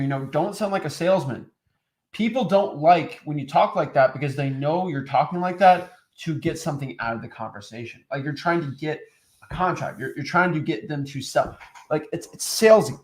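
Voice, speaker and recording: Chatty higher-voiced male coach. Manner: loose and chatty, heavy on "like" and restarts, mimics stiff salesy voices. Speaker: co-host of a real estate wholesaling training. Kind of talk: casual coaching chat.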